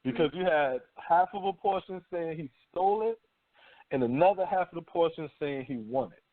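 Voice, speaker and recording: Speaking at a moderate pace in a fairly high voice, a man hosts talk radio, spinning a casual, profane, slangy monologue. His storytelling is lively, with characters voiced in mockery. The recording is dry and has a thin phone-line quality.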